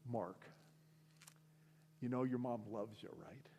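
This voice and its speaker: A man's voice: on the high side, huge pitch swings, moderate pace, big-room sound, lo-fi sound, a little hiss or hum. A man doing a chirpy little pastor. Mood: coaxing. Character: short bald male pastor, chirpy and persistent.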